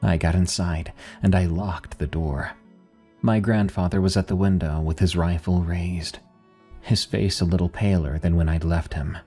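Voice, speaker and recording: A man reading a first-person horror story in a slow, grave narration over faint music. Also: low-pitched, steady tone, dark tone.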